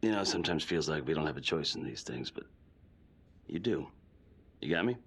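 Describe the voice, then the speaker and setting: A man's voice: very deep voice, animated, a little fast, husky, full character voice. An actor playing a stern but fatherly police captain in a video game.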